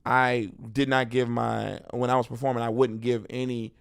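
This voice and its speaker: Gravelly comedian telling animated stories. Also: male voice, mid-range voice, moderate pace. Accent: Texan. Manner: animated storyteller, acts out crowd voices. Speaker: stand-up comedian, podcast guest. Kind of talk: casual interview chat.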